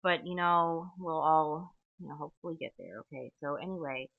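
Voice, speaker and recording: This woman's low, creaky voice moves at normal speed as she hosts a podcast alone, wandering chattily from tangent to tangent with plenty of fillers and "okay?" tossed in. The recording is dry and thin, almost phone-quality.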